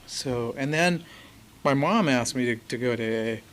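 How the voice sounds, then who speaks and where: A man from the Los Angeles area tells a personal story to a live audience at a recovery meeting, laid-back and full of fillers and quoted dialogue, as the audience laughs. His voice is mid-range and fairly bright at a moderate pace, with slight background noise.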